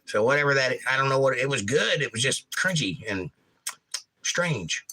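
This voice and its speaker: A man from Georgia with a hoarse voice, casually chatting on his livestream and reading viewer comments in a folksy, rambling way. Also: mid-range voice, expressive, moderate pace, sharp tone, poor audio. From Georgia, USA. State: hoarse, damaged upper voice. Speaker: livestream host and pastor.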